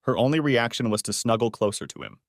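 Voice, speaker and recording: Guy narrating a family story, mid pitch, dry close sound, steady even read. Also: quick pace, dry recording.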